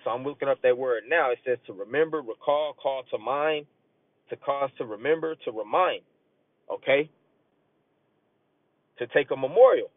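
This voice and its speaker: A man's voice: medium pitch, normal speed, long pauses, no room sound. A man giving a loose, conversational sermon, reading scripture aloud and urging listeners, often tagging lines with "man.". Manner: earnest and urging, rising as he presses a point. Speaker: street preacher. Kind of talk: casual sermon. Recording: tinny phone-like audio, dry.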